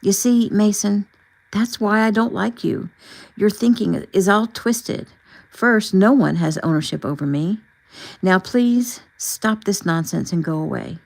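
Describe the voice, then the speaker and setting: A woman narrator voicing a young woman who is shaken but firm, speaking a little higher and louder. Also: a little slow, creaky, poor audio. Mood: angry.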